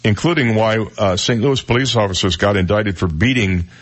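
A man's voice: fairly low pitch, normal speed, husky. An older man hosting a radio talk show, reading odd news stories and adding wry, joking asides. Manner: wry asides, reads stories then jokes about them. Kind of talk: casual news-of-the-day monologue.

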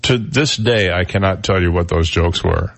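A man's voice: deep voice, normal speed, creaky, fairly bright tone, no echo. A man hosting a radio talk show, chatting casually and telling jokes in a rambling, self-deprecating way. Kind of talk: casual on-air chat and joke telling. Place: radio studio.

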